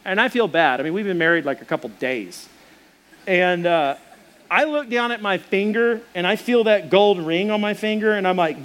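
Man, fairly high voice, pastor, sermon, animated self-deprecating storytelling.

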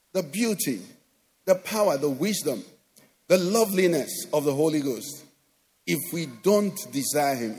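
A man with a Nigerian accent preaching a sermon as pastor, animated, acting out quoted voices and often asking "do you understand?". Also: fairly high pitch, husky. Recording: long hall reverb.

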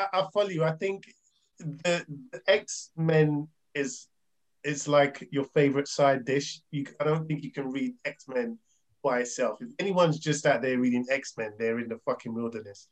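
A man's voice: on the high side, poor audio. A man co-hosting a casual comics podcast, swearing freely and talking with enthusiasm. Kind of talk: casual chat.

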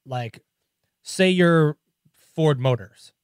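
A man's voice: a little high, extremely slow, clean tone, dry recording, clean studio sound. A man co-hosting a podcast in casual chat, rambling in a laid-back way and saying "like" often. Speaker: podcast co-host. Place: podcast studio.

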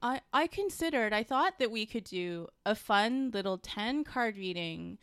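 A woman's voice: mid-range voice, animated, unhurried, clear, resonant tone, dry recording, clean studio sound. Chatty woman reading a star chart. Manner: chatty, many fillers. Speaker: tarot and astrology reader. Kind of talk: casual chat.

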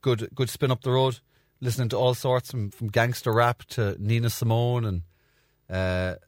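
A man's voice: steady tone, normal speed, no echo, clean studio sound. A young Irish man, a comedian hosting his own show, telling a rambling, crude story with plenty of swearing. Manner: rambling, crude, swears freely, acts out voices in a high pitch. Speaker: comedian podcast host. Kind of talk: casual storytelling monologue.

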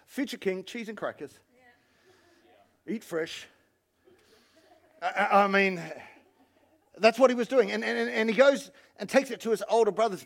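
A male pastor giving an animated sermon and calling on the congregation to respond. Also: high voice. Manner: animated preaching, calls on the congregation.

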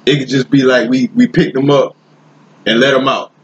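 A man voicing a calm, matter-of-fact paramedic. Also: mid-range voice, normal speed, muffled recording, a little hiss or hum, voice pushed down, lightly acted.

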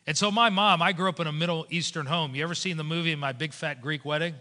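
A man preaching a sermon as a pastor, animated and storytelling, switching into voices for the people in his stories. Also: a little high, fast. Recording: long hall reverb.

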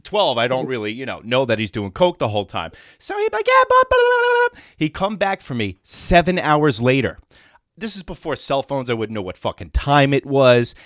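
A man's voice: medium pitch, a bit bright, no echo, clean studio sound. A man hosting a podcast and telling a profane story with lots of energy. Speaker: podcast host. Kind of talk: casual storytelling.

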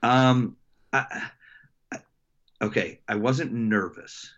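A middle-aged man, a coach, telling a personal story in a casual interview, halting with many fillers and restarts. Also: medium pitch, a bit bright. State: emotional. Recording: dull lo-fi sound.

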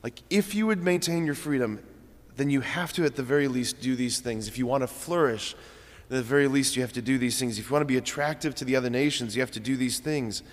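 Speaking quickly in a medium-pitched voice, a young adult priest tells his homily like a casual story, filling it with fillers. The large church gives the recording a long reverb.

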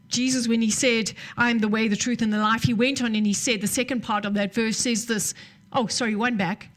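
Woman preaching, soft storytelling sermon. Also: a little high. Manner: storytelling, drops to soft near-whispers in tender moments.

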